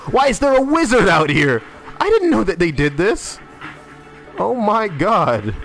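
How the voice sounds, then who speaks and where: A man streaming a game, chatting loosely with teammates and viewers, loud and swearing constantly. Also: medium pitch. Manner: animated, talking to teammates and chat. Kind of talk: casual live-stream chat while gaming.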